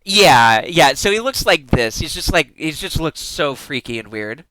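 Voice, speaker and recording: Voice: medium pitch, big pitch swings, unhurried, pushed and bright, no echo. A young adult live streamer chatting casually, giggling often, gushing over cute pictures and swearing freely.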